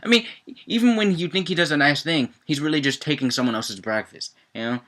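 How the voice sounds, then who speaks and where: Young guy, bright voice, casual rambling reviewer, excitable. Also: fairly quick. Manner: rambling, heavy on fillers, swings into excited high-pitched outbursts. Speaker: cartoon episode reviewer. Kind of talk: casual chat.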